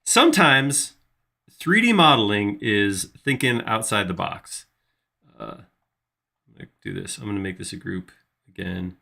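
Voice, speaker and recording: A man's voice: lowish voice, animated, unhurried, creaky, pauses often, bright, forceful tone. A man hosting a live 3D modeling tutorial, casually thinking aloud as he works. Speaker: host modeling in 3D software.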